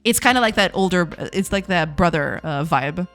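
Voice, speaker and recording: Woman, from Portugal, Portuguese native, casual stream chat, very animated intonation, quiet music underneath. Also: fairly low pitch, moderate pace. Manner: giggly, reads chat aloud and answers it. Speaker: game dev streamer.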